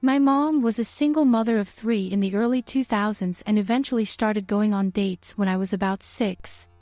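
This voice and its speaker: Synthetic woman narrator, mellow tone. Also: mid-range voice, normal speed, no room sound, soft background music. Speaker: AI story narrator. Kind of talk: scripted narration.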